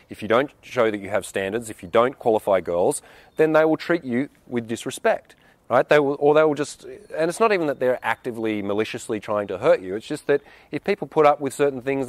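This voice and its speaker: A man's voice: medium pitch, dry recording. A man coaching viewers on dating, talking bluntly and swearing freely. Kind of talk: advice monologue answering a viewer question.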